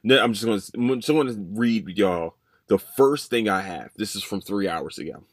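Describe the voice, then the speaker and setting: A man with a fairly low voice hosts his own podcast in loose, casual chat. He rambles, swears freely and jumps between topics. The sound is close and dry, with no room around it. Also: moderate pace, no echo. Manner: rambling, profane, animated storytelling. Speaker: podcast host.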